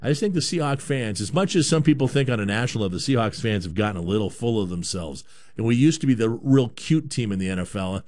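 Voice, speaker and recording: A man's voice: medium pitch, lively intonation, fast talker, a little mellow. A man from Canada hosting a sports talk show, giving a rambling, opinionated monologue.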